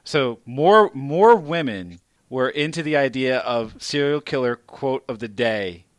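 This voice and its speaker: A man hosts a casual podcast, joking and cutting in with quick questions. His voice is mid-pitched, recorded dry and close. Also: animated, no room sound. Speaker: podcast host.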